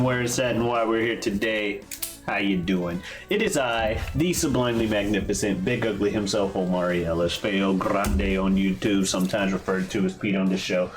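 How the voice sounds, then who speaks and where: A man co-hosting a podcast in casual chat, jokey and boastful, swearing freely. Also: on the low side. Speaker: podcast co-host. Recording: echoey room.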